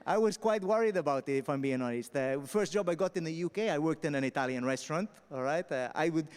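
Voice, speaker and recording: A man from Spain doing stand-up storytelling on a festival stage, punchy and animated, with frequent "all right?" asides. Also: a little high, fast talker, smooth. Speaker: stand-up comedian. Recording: long hall reverb.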